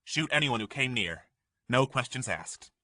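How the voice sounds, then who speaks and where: A man narrating an audiobook in measured storytelling, recorded on a studio microphone. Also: medium pitch, animated, sharp tone, dry recording. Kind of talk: scripted narration.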